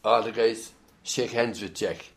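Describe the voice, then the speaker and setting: A man's voice: lowish voice, fairly even intonation, unhurried, gravelly. An older man with an Irish accent telling rambling stories in an oral history interview, full of hesitant restarts. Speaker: interviewee, former band musician.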